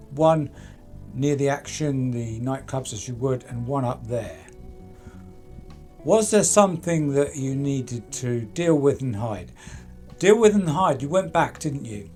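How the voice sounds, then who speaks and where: A man's voice: medium pitch, darkish tone. A man hosting a true crime channel, chatting casually and asking pointed rhetorical questions to people he talks about.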